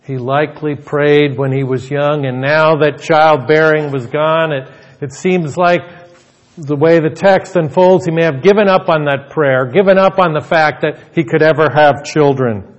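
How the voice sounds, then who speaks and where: A man's voice: on the high side, measured pace, highs cut off. A male pastor preaching a sermon in an earnest manner, often repeating words as he restarts a thought.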